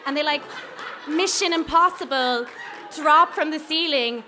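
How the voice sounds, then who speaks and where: A woman's voice: high voice, a little slow, bright, forceful tone, a faint crowd, a little hiss or hum. A young Irish woman tells a true story from her own life at an open mic night. She talks in a loose, chatty way, leaning on "like" and "you know". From Ireland. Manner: conversational, lots of "like" and "you know". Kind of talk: live personal storytelling.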